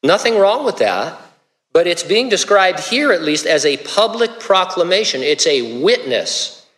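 A man's voice: sits high, big pitch swings, a little slow, a bit bright, long reverb tail. A male pastor preaching a sermon in a casual, conversational way, with stammered restarts.

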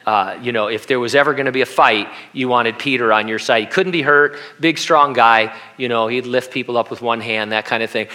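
Bright-voiced preacher, conversational. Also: male voice, mid-range voice, fairly even intonation, fairly quick, few pauses. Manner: conversational preaching with humorous asides and acted-out quotes. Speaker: pastor. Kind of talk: sermon.

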